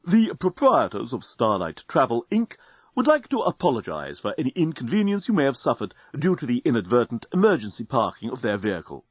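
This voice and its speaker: A courteous robot steward, put on by a male audiobook reader, who speaks with a polished, soothing politeness. The read sounds dry and slightly muffled. It has a lively, varied pitch. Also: a little fast, husky, no room sound. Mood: polite. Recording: dry, dull studio recording.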